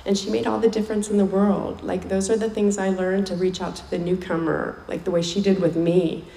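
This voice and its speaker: A woman's voice: mid-range voice, level tone, a little fast, gravelly, warm tone. A woman speaking candidly and emotionally at a recovery meeting, sharing her personal story and repeating phrases for weight. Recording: echoey room, faint background noise.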